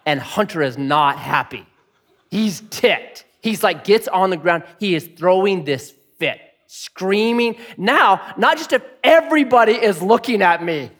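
A man in his thirties preaching a sermon, telling a family story with animated, self-deprecating humor. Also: high-pitched, unhurried. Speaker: pastor.

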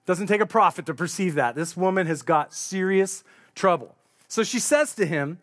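High-voiced man preaching a story sermon. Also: lively intonation, moderate pace, a bit bright. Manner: conversational, storytelling, vivid retelling.

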